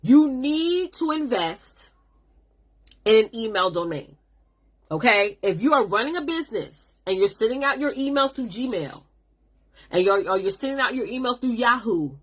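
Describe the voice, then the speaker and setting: Husky, chatty New woman coaching. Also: a little high, expressive, normal speed. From New York. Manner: chatty, sassy, addresses viewers as honey. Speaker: business coach hosting a live stream. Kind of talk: casual live-stream teaching.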